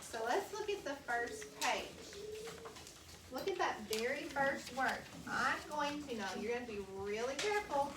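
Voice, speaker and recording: A woman teacher leading a classroom phonics lesson, slowly sounding out words for young students. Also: high-pitched, lively intonation. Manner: slow, deliberate sounding out of words. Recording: roomy classroom audio from a distance with noise.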